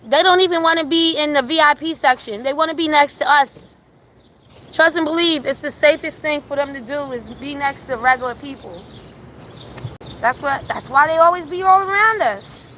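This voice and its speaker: Animated high-voiced woman telling a story. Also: moderate pace, a little hiss or hum. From New York. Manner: animated, emphatic storytelling with laughter. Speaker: live streamer. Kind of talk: casual storytelling on a livestream. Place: at home.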